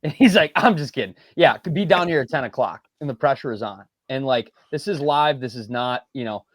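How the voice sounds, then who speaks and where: A man's voice: mid-range voice, animated, a little fast, no room sound, clean studio sound. A man co-hosting a podcast, telling a story with lots of energy, acting out quotes and laughing often. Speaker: podcast co-host. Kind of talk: casual podcast banter.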